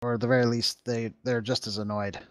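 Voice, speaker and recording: A man's voice: medium pitch, flat delivery, a little fast, smooth, no echo, studio quality. A man co-hosting a talk show, adding wry, joking quips in casual chat.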